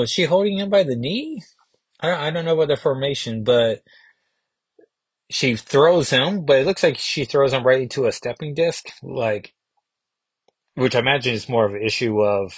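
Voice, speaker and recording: A man with a slightly husky voice of middle pitch talks through a comic issue in a relaxed, musing way. He thinks aloud and restarts his sentences now and then. The sound is dry and close. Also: dry recording. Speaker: comic book podcast host. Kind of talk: casual comic recap.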